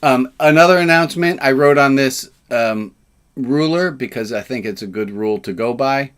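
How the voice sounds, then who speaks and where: A man leading a relaxed, informal service, joking and self-deprecating, with sarcastic asides. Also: medium pitch, moderate pace, smooth.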